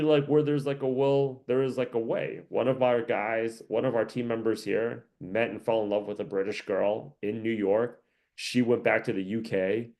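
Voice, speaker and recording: A man's voice: mid-range voice, a little mellow. A man hosting a casual career-coaching monologue, rambling, joking and laughing often.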